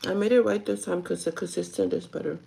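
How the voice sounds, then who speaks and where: A woman's voice: fairly even intonation, fast talker, dark tone, poor audio. A young woman who is sick and losing her voice, chatting casually with her live-stream viewers, mixing English and Spanish. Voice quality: hoarse, deep for her. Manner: switches between English and Spanish. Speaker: vlogger talking to live chat.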